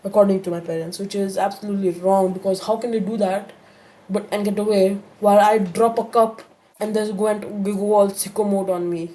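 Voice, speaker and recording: A woman's voice: medium pitch, level tone, brisk, warm tone. A woman telling a story-time tale in a casual, rambling way, with many fillers and restarts.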